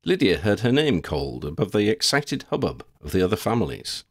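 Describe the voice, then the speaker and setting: Lively low-voiced man reading a story. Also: fairly quick, slightly rough, no echo, studio quality. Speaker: audiobook narrator. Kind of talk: storybook narration.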